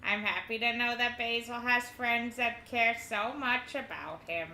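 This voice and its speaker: Woman doing an old lady voice, gentle and polite. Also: a little high, a little slow, roomy sound, a little hiss or hum. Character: gentle elderly woman, a friend's caretaker.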